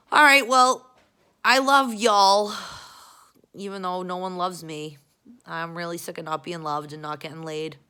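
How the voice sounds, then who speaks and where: Young adult woman, bright edgy tone, low-ish pitch, swearing, rambling, self-mocking vlogger. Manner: profane, chatty, self-mocking. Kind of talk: rambling casual monologue.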